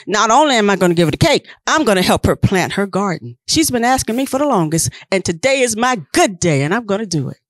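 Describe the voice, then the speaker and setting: A woman's voice: medium pitch, sing-song, quick pace, few pauses, no room sound, clean studio sound, lightly acted. A woman voicing a greedy, boastful trickster spider in a told folk tale. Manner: boastful, eager.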